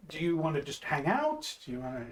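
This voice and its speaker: A man narrating as game master, slowing down for vivid descriptions. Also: on the high side, very animated, rough recording.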